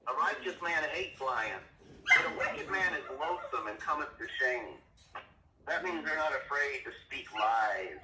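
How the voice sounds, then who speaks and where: A man's voice: mid-range voice, lively intonation, measured pace. A middle-aged man and father leading a Bible lesson for his kids over the phone, stern and scolding. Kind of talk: preachy scripture teaching. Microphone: phone call. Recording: echoey, distant phone recording, faint noise.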